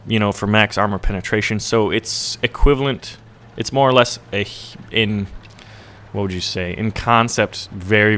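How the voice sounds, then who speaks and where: A young man talking over gameplay as a channel host, chatty and excitable, rambling and often checking in with "right?". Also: lowish voice, clean tone.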